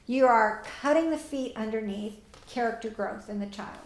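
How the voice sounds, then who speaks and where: A woman's voice: on the high side, moderate pace, few pauses, roomy sound. A woman teaching parents and answering audience questions, plainspoken and direct, often acting out what parents and children say.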